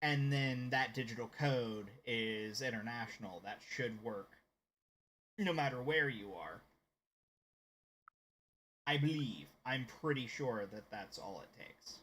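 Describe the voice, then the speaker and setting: Slow, rambling American man with a faint Southern tinge. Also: mid-range voice, fairly bright tone, a little hiss or hum. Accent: American, slightly Southern. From United States. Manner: rambling, hesitant, chatty. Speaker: streamer. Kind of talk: casual live-stream chat.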